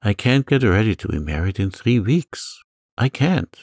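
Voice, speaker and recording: A man voicing a young woman who is upset and pleading, lifting his pitch for her lines. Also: very animated, moderate pace, darkish tone, dry recording, clean studio sound. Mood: distressed.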